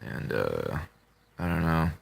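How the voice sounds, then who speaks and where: Subdued low gravelly man. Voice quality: flat tone that can sound annoyed. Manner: halting, many fillers and restarts, subdued. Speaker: video creator talking to subscribers. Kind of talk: casual confessional talk to camera.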